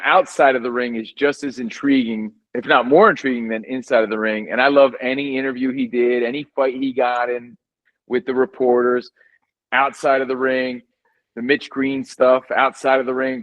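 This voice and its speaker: A man who is a sports radio host, a guest on a podcast, telling stories in an animated, emphatic casual chat. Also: mid-range voice, lo-fi sound. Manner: animated storyteller, lively and emphatic.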